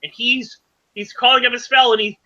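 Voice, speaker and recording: A man running a tabletop game as game master, explaining rules haltingly with many fillers. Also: extremely high pitch, steady tone, pushed and bright, dull audio.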